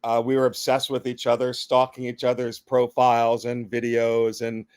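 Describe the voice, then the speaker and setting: A man's voice: mid-range voice, completely flat delivery, moderate pace, clean tone. A man co-hosting a podcast who jokes in a playful, mock-dramatic way during casual chat. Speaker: podcast co-host.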